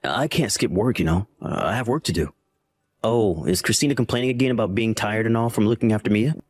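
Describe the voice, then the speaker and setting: A man voicing a lying, defensive grown son in a family drama, with a husky voice that dodges and shrugs off blame. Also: fairly low pitch, a little fast, no room sound, natural voice. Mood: dismissive. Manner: defensive, dismissive.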